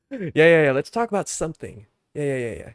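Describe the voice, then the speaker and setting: A young male streamer talks casually to his chat, breaking into playful fake rants and quick laughing apologies. His voice sits a little high for a man. The sound is close and dry. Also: no echo. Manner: mock-angry outbursts then laughing apologies to chat.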